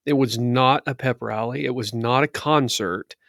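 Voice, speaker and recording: Man, church elder, earnest, measured, lists for emphasis, dry recording. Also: medium pitch, vocal fry, fairly bright tone, no echo. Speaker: church elder and conference organizer. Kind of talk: reflective spoken account.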